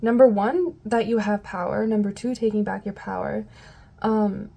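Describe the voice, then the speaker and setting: A woman's voice: medium pitch, fairly even intonation, normal speed, vocal fry, mellow. A woman giving a casual tarot reading to her viewers, rambling and often losing her train of thought. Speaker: tarot reader.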